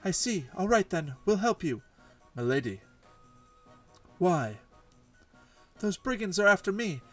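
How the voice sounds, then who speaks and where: A man's voice: high-pitched, sing-song, measured pace, recorded from a distance, soft background music, voice pushed up, exaggerated voice. A man voicing a proud young plainswoman warrior in a game, earnest and urgent.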